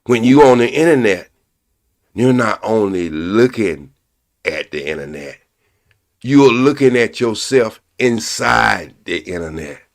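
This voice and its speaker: Older male stream host, lowish voice, preachy and crude, hammers each point twice. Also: lively intonation. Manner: preachy, repeats points slowly for emphasis; blunt and profane. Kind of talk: casual live-stream commentary.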